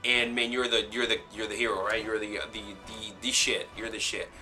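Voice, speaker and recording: A young man giving a rambling, excited review of a video game, acting out his own reactions and saying "man" a lot. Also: lowish voice, fairly quick, soft background music.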